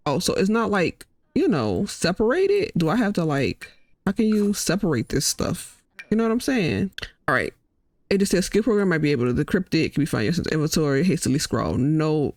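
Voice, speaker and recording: Woman for let's-play commentary: chatty, slangy, rambling, an animated voice with a dry sound. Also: on the low side, dry recording. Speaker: gaming channel host.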